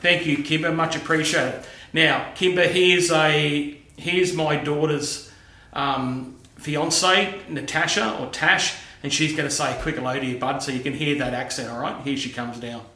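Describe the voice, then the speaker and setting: A man's voice: a little high, steady tone, a little slow, sharp tone, echoey room. A middle-aged Australian man chatting casually to camera in his home workshop, friendly and matey, calling people "mate". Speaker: machining YouTuber.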